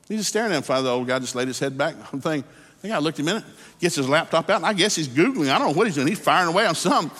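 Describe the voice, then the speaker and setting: A man's voice: a little high, expressive, rapid-fire, a bit bright, breathy edge. A man preaching a sermon, telling a folksy story and then calling people to prayer, recorded in a church hall. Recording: hall reverb.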